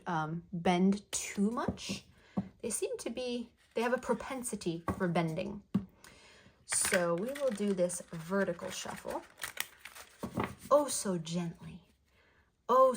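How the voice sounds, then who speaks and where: A woman giving a channeled tarot card reading in a soft, flowing way, affirming the listener and repeating phrases. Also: medium pitch, a little hiss or hum. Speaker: tarot reader.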